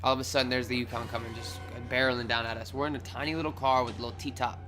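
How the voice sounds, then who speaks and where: A young man casually telling a wild personal story on his vlog, swearing freely, rambling, and acting out his own shouts. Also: medium pitch, little pitch movement, rapid-fire, soft background music. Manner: loose and profane, acts out his own shouts.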